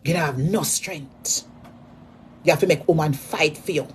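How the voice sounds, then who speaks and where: A Jamaican woman drawls out a taunting rant at a rival, repeating her jabs and punching some of them out in sudden loud bursts. She speaks slowly and deliberately, with faint ambient noise behind her. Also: deep voice. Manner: mocking, repetitive, insults in sudden loud bursts. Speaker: social media personality.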